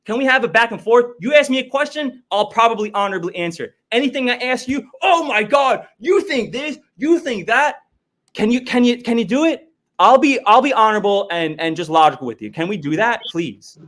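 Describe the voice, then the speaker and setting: A fired-up man arguing on a livestream, his voice pitched a little high. He swears freely, stumbles over repeated words and keeps demanding a straight answer. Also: lively intonation, fast talker, fairly bright tone. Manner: profane, heated, repetitive, demanding answers. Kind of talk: confrontational livestream argument.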